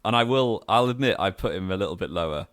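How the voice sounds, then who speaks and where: A man with a very low voice co-hosting a casual podcast chat. He states firm opinions steadily and laughs easily. The sound is dry and close, with no room around it. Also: animated, quick pace, fairly bright tone, no room sound. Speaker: podcast co-host.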